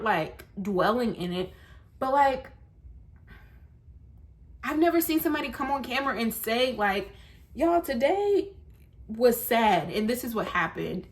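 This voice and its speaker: A woman's voice: a little high, a bit bright. A woman in her late twenties, vlogging candidly to viewers from her bed at night, tearful and sad, rambling as she talks to them directly. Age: 20s. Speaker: lifestyle vlogger. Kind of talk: candid vlog to camera. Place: bedroom at night.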